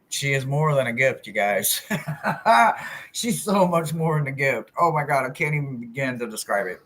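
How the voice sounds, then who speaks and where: She's a spiritual reader hosting a relaxed live chat, cursing freely and talking to viewers head-on in an animated, blunt style that shifts from loud to soft. Her very deep voice keeps a normal speed over a faint hiss or hum.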